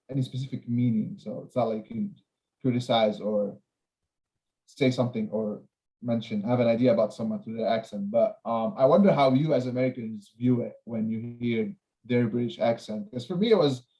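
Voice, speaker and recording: A man's voice: mid-range voice, moderate pace, warm tone, rough recording. Careful word-searching male host. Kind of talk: casual chat.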